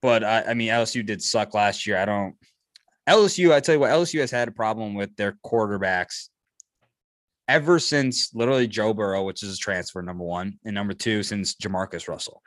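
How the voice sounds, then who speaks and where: A man's voice: on the low side, a little fast, no room sound, clean studio sound. A man co-hosting a sports podcast, giving emphatic opinions with stammered restarts and ribbing his friends. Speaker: podcast co-host. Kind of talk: casual sports betting chat.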